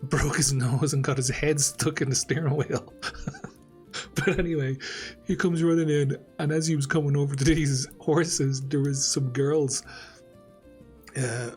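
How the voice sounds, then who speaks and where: A man's voice: a little high, steady tone, measured pace, darkish tone, soft background music. Laughing Irish man telling a story. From Ireland. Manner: laughing often, rambling. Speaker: gaming channel host. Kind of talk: casual storytelling over gameplay.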